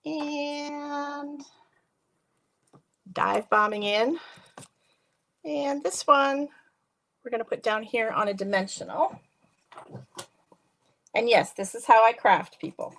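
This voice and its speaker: A woman's voice: on the high side, takes it slowly, gravelly, pauses often, a bit bright. A woman hosting a live craft stream from her home craft room, chatting to viewers by name while she works. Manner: chatty, laughs often, talks to viewers by name. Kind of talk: casual live craft demo chat.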